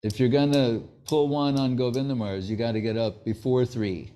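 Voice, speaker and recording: His mid-range voice is warm, runs a little fast and keeps a fairly even intonation. The man is a spiritual teacher preaching through anecdotes, narrating stories and acting out what the people in them said.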